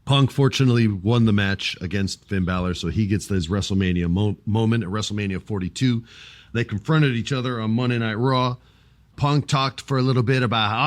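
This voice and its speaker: Man, low voice, dry sound, casual podcast host, animated storytelling. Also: fairly quick, dry recording. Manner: animated, acts out wrestlers' lines, swears. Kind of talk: casual wrestling chat.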